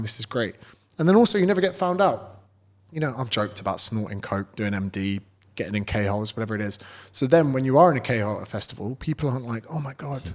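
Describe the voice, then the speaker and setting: A man in a relaxed podcast conversation, telling stories in a blunt, swearing way. His voice sits at an ordinary pitch for a man. He talks as a fitness coach chatting with a host. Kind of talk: casual podcast chat.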